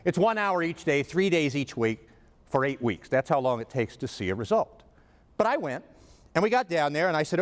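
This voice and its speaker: A man's voice: a little high, animated, fairly quick. A man giving a humorous keynote speech, telling stories with comic asides. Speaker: motivational speaker. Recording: reverberant hall.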